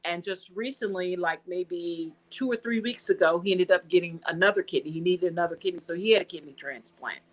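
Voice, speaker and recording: An American woman being interviewed, telling a personal story in a casual, animated way and acting out the dialogue she quotes. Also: lowish voice, fairly quick, hardly any pauses, rough recording. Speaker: guest.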